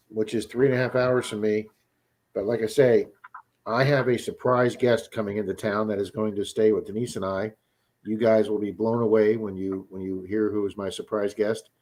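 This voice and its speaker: A man's voice: lowish voice, fairly even intonation, moderate pace, darkish tone. A man from Florida hosting a live stream, rambling through stories and often repeating words as he starts a sentence. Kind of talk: casual live stream chat.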